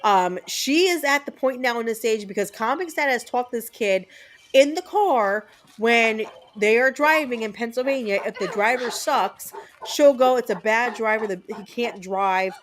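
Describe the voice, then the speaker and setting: This is a woman in her thirties, a game streamer chatting casually with her viewers. Her voice is a little high, expressive and a little slow, with a slight hiss or hum, and she tells blunt stories packed with fillers and the odd curse word.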